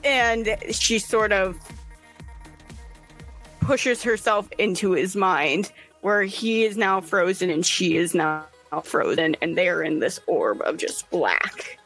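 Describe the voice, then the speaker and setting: Slow-narrating woman game master. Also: medium pitch, a bit bright, soft background music, rough recording. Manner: measured, storytelling.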